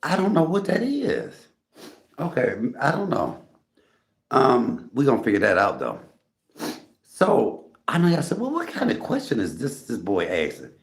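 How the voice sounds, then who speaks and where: A middle-aged man hosts a casual livestream from a room in his home, recorded on a phone mounted on a tripod. His voice is medium in pitch with huge swings and a slightly slow pace. He's chatty, greets viewers by name, and coughs often.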